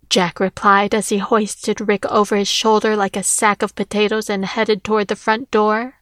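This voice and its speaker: A woman narrating a novel chapter in a steady, plain reading voice. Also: mid-range voice, normal speed, few pauses, dry recording, studio quality. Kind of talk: audiobook narration.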